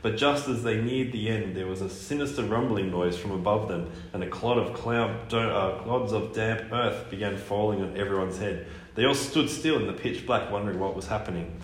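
Man, lowish voice, storybook reading aloud, echoey room, faint background noise. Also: normal speed. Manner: lively storytelling. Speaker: reader. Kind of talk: reading a children's book aloud.

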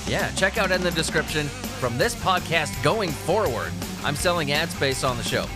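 Loud music backs this man's voice, which sits on the high side and moves at a moderate pace. He hosts a podcast full of crude jokes and laughter, and he's prone to coughing fits after a recent illness.

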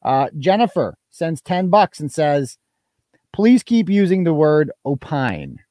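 Male live-stream host, casual and crude, animated pitch, dry sound. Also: takes it slowly, no room sound. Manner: loose, joking, crude asides. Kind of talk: casual live-stream chat reading donations.

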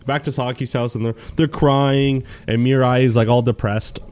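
A man's voice: mid-range voice, steady tone, normal speed, a little mellow. A man co-hosting a casual anime podcast, rambling through an episode recap and swearing freely. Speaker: podcast co-host.

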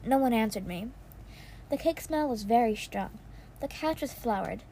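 A woman reading a first-person children's novel aloud, soft and wondering, with small slips. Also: on the high side, animated, normal speed, a little hiss or hum. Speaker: audiobook reader. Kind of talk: first-person storybook narration.

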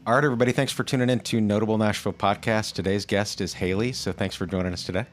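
A man with a very deep voice hosts a podcast interview. He asks questions casually and hesitantly, often pausing with fillers. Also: steady tone, soft background music. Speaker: podcast host.

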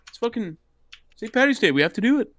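A man's voice: very high-pitched, big pitch swings, fast, a bit bright, pitched above the performer's own voice, heavily acted. A man putting on a rowdy Irish party boss. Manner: boisterous, swearing.

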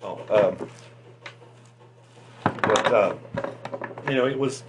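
A man hosting a fishing channel, chatting casually and excitably about tackle, with lots of restarts and fillers. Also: lowish voice, very slow, heavy background noise.

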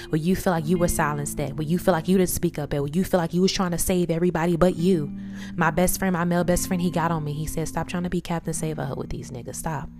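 A low-pitched woman speaks freely and from the heart about healing and faith. Her delivery swings from soft, hushed asides to loud, emphatic outbursts. A plucked guitar plays clearly underneath her voice. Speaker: podcaster sharing personal testimony. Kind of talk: unscripted motivational monologue. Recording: guitar music playing under voice.

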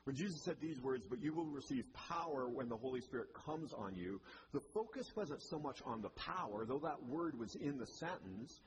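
A man's voice: medium pitch, animated, normal speed, hardly any pauses, background noise. A male pastor giving a sermon in a church, with a conversational manner and wry asides.

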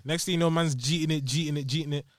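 A young man with a London accent, hosting a casual podcast and telling stories with quick interjections. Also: fairly high pitch, no room sound, clean studio sound. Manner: animated storytelling, quick interjections. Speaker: podcast host. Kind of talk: casual banter among friends.

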